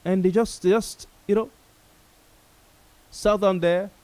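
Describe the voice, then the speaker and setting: A man hosting a talk show, speaking gravely to viewers and repeating phrases for emphasis. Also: high voice, fairly even intonation, takes it slowly, a little mellow, no echo, rough recording. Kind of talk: solemn talk show monologue.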